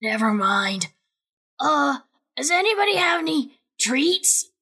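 A woman voices an eager little dog begging for treats, high and bright. It rambles with lots of hesitant "uh"s. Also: very animated, takes it slowly, creaky, exaggerated voice. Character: eager small dog hunting treats, disguised.

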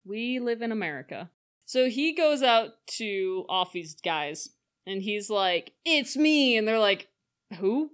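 A woman's voice: mid-range voice, expressive, unhurried, fairly bright tone, clear, resonant tone. A young woman co-hosting a casual podcast, playfully summarizing a story and acting out its lines in jokey voices. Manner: playful, jokey, acts out quotes in silly voices. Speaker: podcast co-host. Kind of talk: casual chat.

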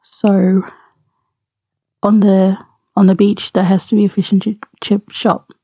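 A woman's voice: medium pitch, level tone, a little slow, dark tone, breathy edge, no echo. A young Australian woman co-hosting a podcast in casual, teasing banter. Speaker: podcast co-host. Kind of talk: casual chat.

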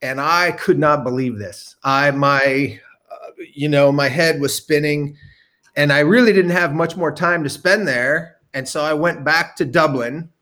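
A man's voice: fairly high pitch, a little slow, bright, forceful tone. A man telling a long personal story in a casual, rambling way, with many ums, asides and the odd swear word. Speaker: storyteller guest.

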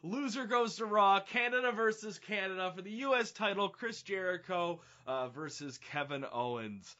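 Bright-voiced excitable man, podcast co-host. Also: high voice, moderate pace, dull audio. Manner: excitable, laughs often. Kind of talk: casual wrestling review chat.

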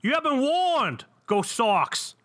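A man putting on an exaggerated Boston accent, playing a local sports fan in a slow, drawn-out way. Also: very high-pitched, big pitch swings, heavy background noise, voice pushed up, exaggerated voice. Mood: mock-Bostonian. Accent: put-on Boston.

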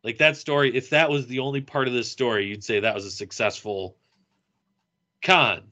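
Bright-voiced man telling a story. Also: mid-range voice, normal speed. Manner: animated, acts out quoted lines. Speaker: podcast co-host. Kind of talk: casual storytelling.

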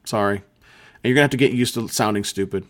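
A man's voice: lowish voice, fast. Rambling, easygoing male podcast host. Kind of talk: casual chat about tabletop gaming.

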